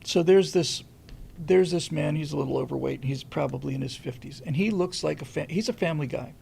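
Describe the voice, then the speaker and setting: Gravelly-voiced man rambling through a story. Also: a little high, fairly quick, mellow, a little hiss or hum. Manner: rambling storyteller, frequent restarts and repeated words. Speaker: show host. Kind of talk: casual commentary monologue.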